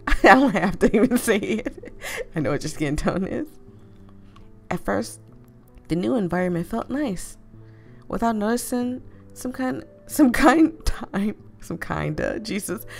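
A woman reading a story game aloud to viewers, animated and expressive, swearing freely and breaking off into laughing asides. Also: on the low side, creaky. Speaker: gaming video creator.

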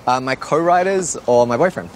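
Outdoors at a home, a young man from Australia in his twenties fields interview questions at a normal speed. His mid-range voice carries a relaxed, playful, self-deprecating tone, with faint noise behind him.

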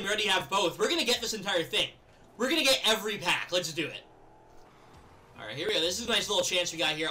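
A young man giving live commentary over his own gameplay, chatting casually and then yelling and laughing at big plays. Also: sits high, a little hiss or hum. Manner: excitable, yells and laughs at plays. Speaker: gaming video creator.

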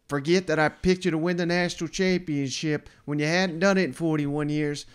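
A man's voice: a little high, fairly quick, clean tone. A man co-hosting a casual college football podcast, poking fun at his own bad predictions. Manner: self-deprecating, animated storyteller. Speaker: podcast co-host. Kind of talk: casual sports chat.

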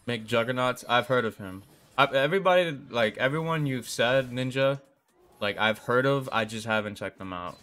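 A man's voice: mid-range voice, normal speed, a bit bright, faint music behind. A young man live-streaming a game, chatting casually with viewers, swearing often, rambling and laughing.

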